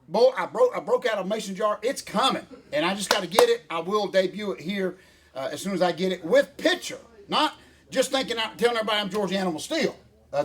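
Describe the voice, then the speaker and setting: An older man, ranting in a folksy, animated way as co-host of a casual chat. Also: high voice. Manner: folksy, animated rant with Southern phrasing.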